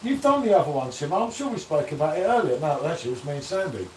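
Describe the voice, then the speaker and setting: A man's voice: a little high, sing-song, fast talker, slight background noise. A man hosting a casual live beer-review stream, bantering and reading out viewer comments. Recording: echoey room, distant from the mic.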